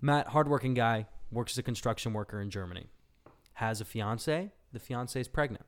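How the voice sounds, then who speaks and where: A man's voice: medium pitch, moderate pace. A young man hosting a casual podcast, telling a story and joking with his co-host, often breaking into laughter.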